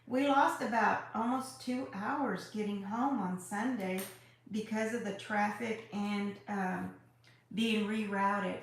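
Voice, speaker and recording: A woman's voice: mid-range voice, steady tone, takes it slowly, a little hiss or hum. A woman hosting a live crafting tutorial, chatty and effusive as she greets viewers by name. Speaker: craft livestream host. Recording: very echoey room.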